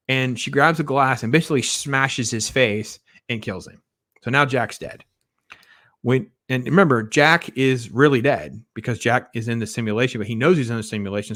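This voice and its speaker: A man's voice: medium pitch, fairly bright tone, no echo. A man giving a casual, blunt spoiler review of a film, rambling and sarcastic as he recounts the plot. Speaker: movie reviewer.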